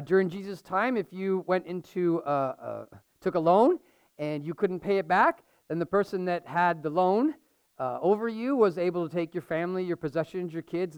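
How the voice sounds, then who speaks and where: A male pastor giving a sermon, reading scripture and explaining it in a conversational, animated way with humorous asides. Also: sits high, clean tone, no room sound.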